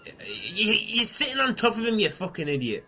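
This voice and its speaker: A man's voice: high-pitched, big pitch swings, moderate pace, bright, forceful tone, a little hiss or hum, exaggerated voice, poor audio. A man playing an exasperated shipwrecked castaway who berates and swears at a friend in an amateur audio drama.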